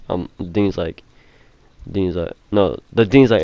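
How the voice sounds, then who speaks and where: A man's voice: low voice, brisk, darkish tone. A young man telling a casual storytime, rambling with fillers and heavy swearing. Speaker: vlogger.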